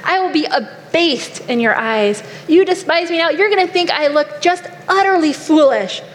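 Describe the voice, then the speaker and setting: Woman plays a firm, pointed king, high voice, faint hiss behind. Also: lively intonation, normal speed. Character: defiant devout king answering his wife, man. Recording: long hall reverb, faint noise.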